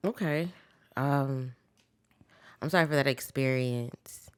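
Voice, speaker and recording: A woman's voice: extremely low pitch, slow pace, clean tone, dry recording. A woman co-hosting a podcast in casual chat, direct and teasing as she steers the topics. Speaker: podcast co-host.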